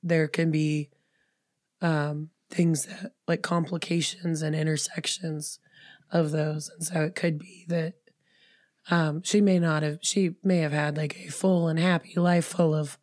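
A woman co-hosting a podcast in casual chat, her voice hoarse from a cold, rambling with fillers and restarts. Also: deep voice, level tone, measured pace, darkish tone, no room sound, studio quality. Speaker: podcast co-host.

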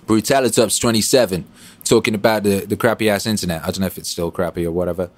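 A man with a fairly low voice hosts a relaxed livestream and answers viewers' chat messages. His delivery is profane and animated. He jumps from shouted bursts to quiet, low asides. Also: rapid-fire. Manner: profane, animated, swinging between loud bursts and mumbles. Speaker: livestream host reading chat.

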